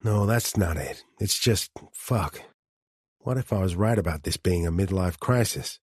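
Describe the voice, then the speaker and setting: A man's voice: sits low, measured pace, husky, no echo, studio quality. A man voicing an anxious middle-aged man who doubts his own feelings, in an audiobook. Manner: worried, self-doubting, blurting. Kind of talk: audiobook character dialogue.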